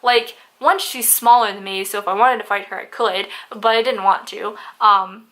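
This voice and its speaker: A nineteen-year-old woman vlogging a casual storytime, chatty and animated, swearing freely and filling with "like" and "um". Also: mid-range voice, normal speed. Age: young adult.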